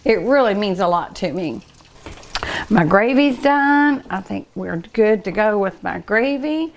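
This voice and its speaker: A woman's voice: medium pitch, lively intonation, unhurried, slight background noise. A middle-aged woman hosting a cooking show from a restaurant kitchen, chatting eagerly and emotionally with her viewers while she cooks and tastes. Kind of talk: casual cooking show chat.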